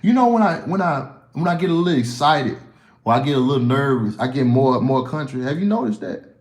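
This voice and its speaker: A man's voice: mid-range voice, animated, a little fast, darkish tone, reverberant. A man with a Southern US accent answering viewer questions in a casual livestream, blunt and profane, rambling with frequent restarts.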